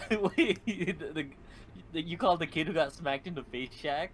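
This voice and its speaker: A male podcast co-host chiming in with quick reactions and joking asides during casual chat. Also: a little high, fairly bright tone.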